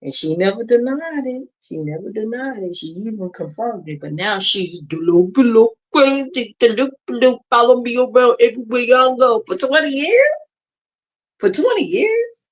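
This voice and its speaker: A woman's voice: on the high side, normal speed, few pauses, highs cut off. A woman hosting a casual reaction livestream, gossiping and mocking in a sassy, drawling way. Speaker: livestream host. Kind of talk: casual reaction stream chat.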